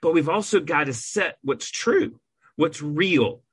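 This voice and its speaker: A man's voice: fairly high pitch, lively intonation, slow pace, breathy edge, dry recording. A man co-hosting a podcast, an adoptive parent talking in an earnest, emphatic way with frequent restarts. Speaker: podcast co-host. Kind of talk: earnest conversational podcast talk.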